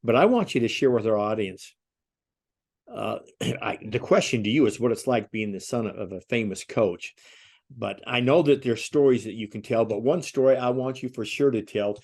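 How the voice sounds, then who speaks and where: A man's voice: medium pitch, normal speed, darkish tone. A man hosting a podcast, talking casually and setting up his questions at length. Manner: conversational, leads with long setups to questions. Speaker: podcast host. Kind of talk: casual interview conversation.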